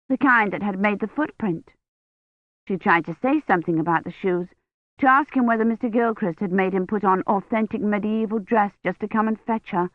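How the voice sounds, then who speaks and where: A woman narrating an audiobook in a measured, even storytelling manner, on tinny, dry phone-like audio. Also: mid-range voice, no echo. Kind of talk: scripted narration.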